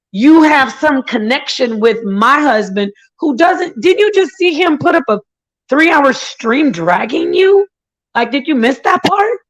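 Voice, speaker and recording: A woman's voice: high voice, a bit bright, rough recording. A woman hosting her own channel, telling a story in an indignant casual rant with mocking impressions of others. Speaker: channel host.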